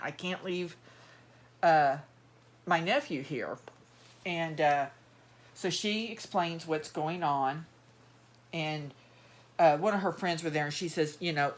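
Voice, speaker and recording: A middle-aged woman with a drawl chats on and on in a loose, rambling way, stopping and restarting her thoughts. Her voice sits a little low for a woman. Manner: rambling, chatty, many fillers and restarts. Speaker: doll collector vlogger. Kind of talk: rambling casual chat while handling dolls.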